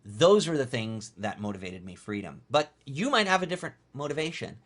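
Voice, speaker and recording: A man's voice: mid-range voice, sing-song, fairly quick, a bit bright. Emphatic motivational man. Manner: emphatic, repeats phrases for effect. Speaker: motivational business coach. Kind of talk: motivational talk recapping a webinar.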